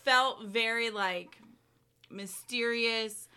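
Bright-voiced chatty woman, casual. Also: fairly high pitch, very slow, clean tone. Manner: chatty, giggly, many "like" fillers. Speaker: podcast co-host. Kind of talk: casual chat.

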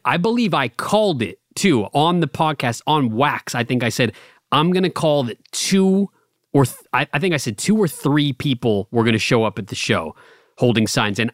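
A young man co-hosts a podcast and pushes with blunt, profane questions. His voice is mid-pitched for a man. The recording is dry and close. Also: dry recording. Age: young adult. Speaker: podcast co-host. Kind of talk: casual podcast chat.

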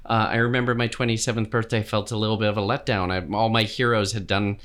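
A middle-aged man, a TV director, answering interview questions in a reflective, measured way with frequent fillers. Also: fairly low pitch, little pitch movement, a bit bright. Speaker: TV director, guest.

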